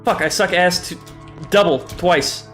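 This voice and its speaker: A young male streamer with a slightly higher-than-usual voice rambles through a game, chatty and loose. He swears freely and keeps mocking himself, laughing often as he talks to his chat. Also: unhurried, a bit bright, faint music behind. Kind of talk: casual gaming livestream commentary.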